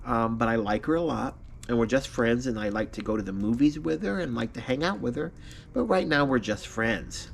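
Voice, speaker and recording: A man's voice: mid-range voice, animated, normal speed, gravelly, slight background noise. Man telling a story, laughing often. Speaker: vlogger. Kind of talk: casual personal storytelling.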